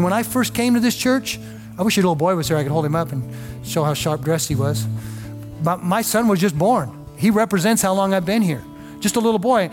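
A middle-aged male pastor preaching a sermon, telling a story earnestly and building it to emotional peaks. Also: sits high. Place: church.

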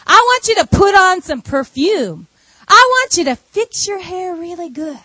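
A woman's voice: on the high side, animated, normal speed, no echo, pitched below the performer's own voice. A woman preacher voicing an older mother-in-law who gives firm, matter-of-fact instructions. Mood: instructing.

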